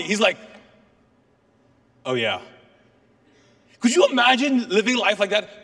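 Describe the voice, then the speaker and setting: A man preaching a sermon as a pastor, telling a Bible story with animated asides and acted-out lines for the people in it. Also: sits high, moderate pace, long pauses, big-room sound. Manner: animated storytelling, acts out voices of biblical figures.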